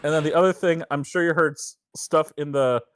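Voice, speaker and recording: A man's voice: fairly high pitch, steady tone, fairly quick, dry recording. Offhand man with a dry sound. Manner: offhand, meandering, swears casually. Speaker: podcast co-host. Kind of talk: casual podcast chat.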